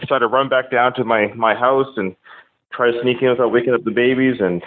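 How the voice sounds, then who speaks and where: A male interviewer talks quickly and eagerly, a little out of breath. His voice comes through a thin, tinny phone connection. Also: medium pitch, steady tone, no echo. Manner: eager, fast-talking. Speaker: podcast host and interviewer.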